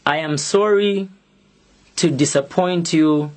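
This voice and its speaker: A young Zambian man with a Zambian accent, his voice a little high, makes a public video statement as an activist. He speaks deliberately and emphatically, using pointed pauses.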